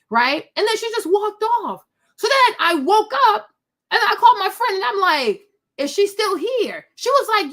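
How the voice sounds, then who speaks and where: Animated high-voiced woman telling a story. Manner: animated, chatty, many "like" and "right?" asides. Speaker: host. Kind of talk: casual storytelling to viewers.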